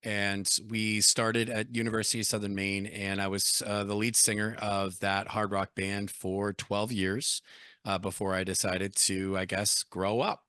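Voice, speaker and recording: A man's voice: on the low side, unhurried, no room sound, clean studio sound. A man in his forties telling stories in a casual interview as the guest, acting out both sides of conversations. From United States. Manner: animated storyteller, acts out both sides of phone calls. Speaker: guest, credit union CEO and former rock singer.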